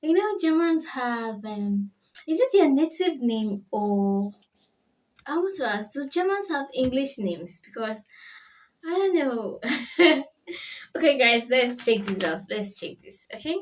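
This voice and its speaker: Animated woman reaction host. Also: a little high, a little slow, far from the mic. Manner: animated, repeats words back. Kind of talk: casual reaction chat.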